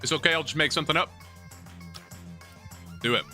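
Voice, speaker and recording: A man's voice: a little high, brisk, pushed and bright, faint music behind. A British man from England, chatting casually and joking with viewers during a live gaming stream. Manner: chatty, joking, many restarts.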